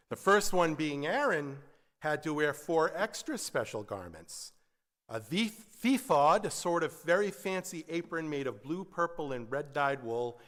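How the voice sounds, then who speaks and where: A man's voice: a little high, a bit bright. A man leading a Shabbat service, singing prayers and then giving a sermon with a story and dry asides. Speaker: service leader. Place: synagogue sanctuary. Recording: echoey hall with guitar behind.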